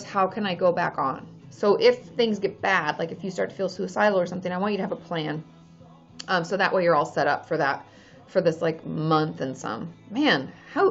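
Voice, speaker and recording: A woman's voice: medium pitch, highs cut off. A woman from Washington State, a therapist chatting casually on a livestream, answering viewers and reading their names aloud.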